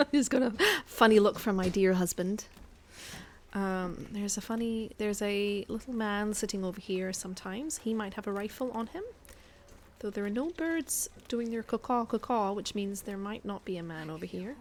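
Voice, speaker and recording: A woman's voice: mid-range voice, darkish tone, slight background noise. A woman streaming a survival game from home, chatting and thinking aloud in a put-on Scottish accent and poking fun at herself. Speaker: guest streamer. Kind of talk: casual gameplay commentary.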